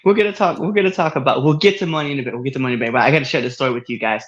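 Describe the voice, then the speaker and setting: A man co-hosting a podcast, telling a story in casual chat with frequent laughter and excited jumps in voice. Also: very fast, lo-fi sound. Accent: Massachusetts. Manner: animated storyteller, laughs often, swings high when excited. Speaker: podcast co-host.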